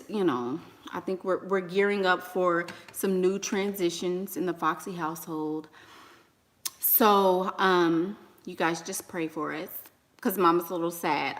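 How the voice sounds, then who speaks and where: A woman's voice: fairly low pitch, fairly bright tone. A woman, chatting casually and animatedly to viewers, slangy and laughing often. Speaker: online business coach and vlogger.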